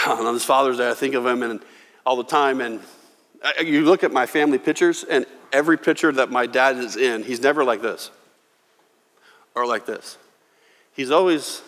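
A man preaching a sermon as pastor, telling stories with lively acted-out quotes. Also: medium pitch. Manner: animated storytelling, acting out quoted voices. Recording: long hall reverb.

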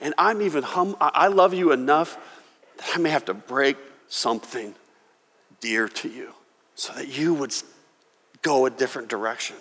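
A middle-aged man preaching a sermon as pastor, earnest and emotional, often halting and restarting his words. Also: fairly high pitch. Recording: long reverb of a church hall.

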